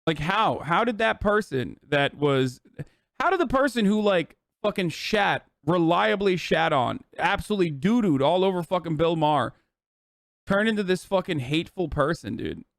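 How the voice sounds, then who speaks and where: A man streaming his political takes in a fired-up, cursing, exasperated rant. His voice sits slightly higher than most men's and comes through smooth and resonant. The sound is dry and close, with no room echo. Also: animated, normal speed. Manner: heated, profane, exasperated rant. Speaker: livestreamer. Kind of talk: ranting political commentary on stream.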